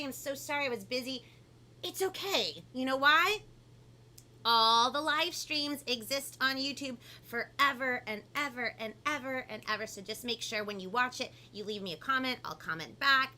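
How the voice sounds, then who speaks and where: A woman hosting a children's live stream, talking in a bubbly, animated way and reading out viewer comments. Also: a little high. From family from Peru. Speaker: host of a live kids' show. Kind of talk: upbeat live-stream chat.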